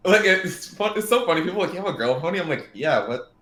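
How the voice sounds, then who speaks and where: A man's voice: fairly high pitch, lively intonation, fast talker, sharp tone. A man co-hosting a casual podcast, rambling and laughing often. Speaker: podcast co-host. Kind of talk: casual chat. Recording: roomy echo.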